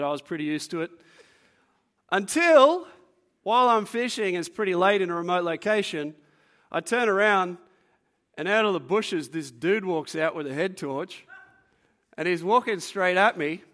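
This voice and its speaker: A young man preaching to a youth group, telling stories in a lively way and acting out what people said. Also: a little high. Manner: animated storyteller, acts out quotes. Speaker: youth pastor. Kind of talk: youth sermon with storytelling. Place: room with a live audience.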